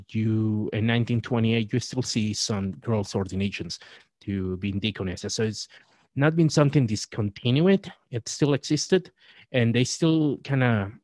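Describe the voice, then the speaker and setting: A man appearing as a podcast guest, talking in a halting, scholarly way with frequent restarts. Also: on the low side, a little mellow, dry recording. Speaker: guest, Catholic writer and presenter. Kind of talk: podcast discussion.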